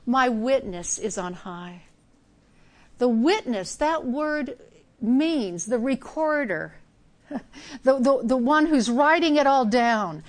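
A woman with a fairly high voice preaches an earnest sermon. She presses hard on key words, then drops to a hushed near-whisper for effect. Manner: earnest, emphatic preaching with sudden soft drops.

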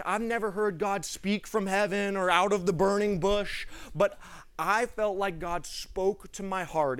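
Animated young male preacher telling a story. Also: high voice, clear, resonant tone. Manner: animated, acts out the people in his stories; laughs between lines, drops to a hushed tone for tender moments. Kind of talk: storytelling sermon.

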